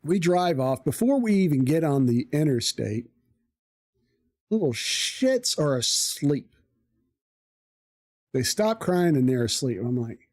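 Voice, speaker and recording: Slow, blunt, profane storyteller on stream. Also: mid-range voice, big pitch swings, a little mellow, no echo, clean studio sound. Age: adult parent. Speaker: live streamer. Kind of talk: casual storytelling to a live chat.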